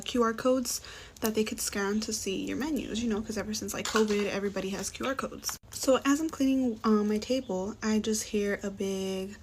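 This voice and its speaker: A young woman who works as a restaurant server, chatting through a profane get-ready-with-me storytime in a casual way. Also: mid-range voice. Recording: faint background noise.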